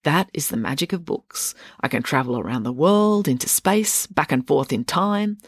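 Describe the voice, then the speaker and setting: A woman's voice: low-pitched, lively intonation, moderate pace, slightly rough, dry recording, clean studio sound. A woman voicing a smirking, bookish eighteen-year-old male tutor who teases and lectures, for a storybook reading. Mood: lecturing. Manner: smirking, teasing, idealistic lecturing.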